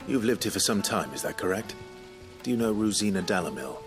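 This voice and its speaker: A man voicing a grim, stern male swordsman in a video game, speaking in a measured, formal way. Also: fairly low pitch, animated, lightly acted. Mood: steady. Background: game soundtrack music.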